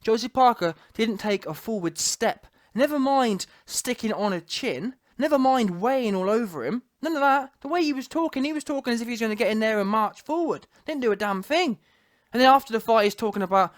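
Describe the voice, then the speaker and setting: A man's voice: extremely high pitch, animated, brisk, no room sound, studio quality. A man, a boxing commentator ranting casually to camera, emphatic and digressive, full of street slang.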